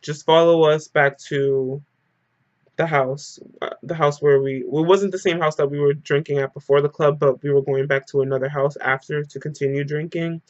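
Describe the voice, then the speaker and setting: A young man telling a personal story to camera in a casual, animated, emotional way, with lots of "like". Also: on the high side, normal speed. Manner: animated, emotional retelling full of "like". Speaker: storyteller vlogger. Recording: muffled lo-fi audio.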